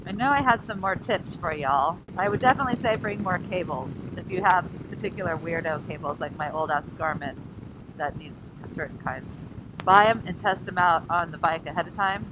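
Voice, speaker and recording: A woman's voice: on the low side, moderate pace. Tired, goofy woman vlogger on a scooter; wind-blasted helmet mic. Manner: playful, silly, jumps between jokes and emotion. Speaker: motorcycle rally vlogger. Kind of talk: casual rambling vlog. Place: riding outdoors on a scooter. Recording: loud wind noise.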